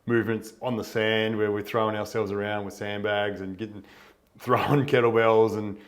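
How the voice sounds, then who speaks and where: A man's voice: fairly low pitch, flat delivery, normal speed. Male co-host, easygoing chat, sentences that fade out. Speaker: co-host, bodywork therapist. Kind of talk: casual chat.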